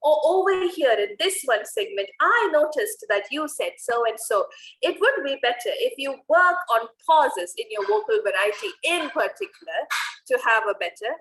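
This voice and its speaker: A woman's voice: sits high, animated, moderate pace, fairly bright tone, low-quality recording. A young woman teaching how to evaluate speeches, explaining step by step with many rhetorical questions. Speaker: public speaking coach. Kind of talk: online teaching talk.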